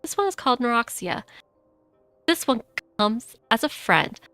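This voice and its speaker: A woman's voice: fairly high pitch, sing-song, unhurried, sharp tone, no echo, faint music behind, exaggerated voice. A woman voicing a small friendly sylph creature from a video game who speaks of itself as 'this one'. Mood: earnest.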